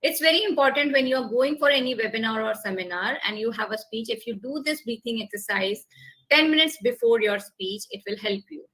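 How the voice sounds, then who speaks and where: Over a video call, a woman with an Indian English accent teaches a public speaking workshop in a fairly high, expressive, fairly bright voice, moving briskly. She is instructive and repetitive, walking through steps and guiding breathing exercises, and the recording quality is low.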